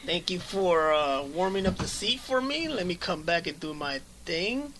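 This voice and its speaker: A man voicing a cocky male superhero who thanks his stand-in for keeping his seat warm, in a jokey, mock-grateful way. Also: high-pitched, very animated, moderate pace, a little hiss or hum, pitched above the performer's own voice.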